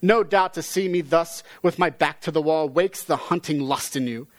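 A man's voice: on the high side, normal speed, dry recording, voice pushed up, close to an everyday voice. A man reading aloud voices a theatrical, self-pitying middle-aged woman singer with a raised voice. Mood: aggrieved.

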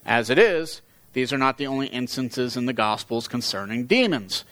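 Bible teacher, male, mid-pitched, dry studio-close voice, steady explanatory reads. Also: moderate pace, no room sound, low-quality recording. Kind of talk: reading scripture aloud with commentary.

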